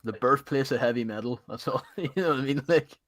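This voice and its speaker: A man's voice: mid-range voice, brisk, fairly bright tone. A man chatting casually, laid-back and sweary. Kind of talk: casual chat.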